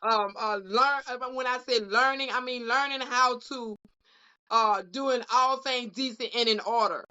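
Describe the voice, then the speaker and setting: A smooth, sharp-toned woman's voice, pitched on the high side, moves unhurriedly with fairly even intonation. She co-hosts on behalf of a union caucus and wraps up a podcast panel with heartfelt words, repeating herself like a preacher. The recording is lo-fi and dull.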